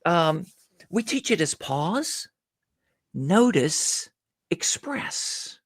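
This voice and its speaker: Lively, animated man telling stories. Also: fairly high pitch, drawn-out words, dry recording, clean studio sound. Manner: animated storyteller who acts out little dialogues. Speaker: podcast guest, gratitude speaker. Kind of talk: conversational podcast interview.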